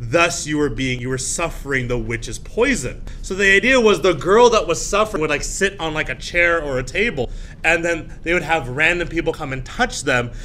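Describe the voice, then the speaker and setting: A male teacher giving a classroom lecture, animated, often jumping into high shrill voices to act out scenes. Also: moderate pace, a little hiss or hum. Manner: animated, acts out shrill voices of frightened girls.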